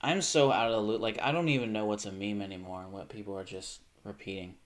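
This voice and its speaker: A man streaming live, commenting on his own game, swearing and bursting into panic between low, self-critical mutters. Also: fairly even intonation, quick pace, slight background noise.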